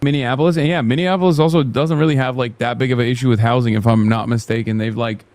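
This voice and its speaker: A man's voice: mid-range voice, fairly even intonation, quick pace, darkish tone, no echo. A man hosting a live stream, reacting to clips with casual, sarcastic, mocking commentary and swearing.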